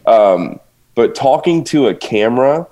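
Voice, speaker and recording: A man's voice: mid-range voice, sing-song, a little slow, mellow. Laughing, rambling man on a podcast. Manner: laughs often, rambling with restarts. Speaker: guest drummer. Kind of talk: casual podcast chat.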